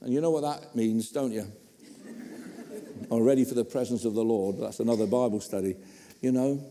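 A man preaching a sermon in a church, conversational and animated with humorous asides. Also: medium pitch, normal speed. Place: church hall. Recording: long reverb in a hall.

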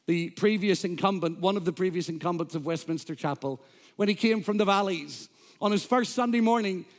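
In a church, a pastor with a notably high voice preaches from the pulpit. His delivery is emphatic, with scripture quotes and humor for the congregation.

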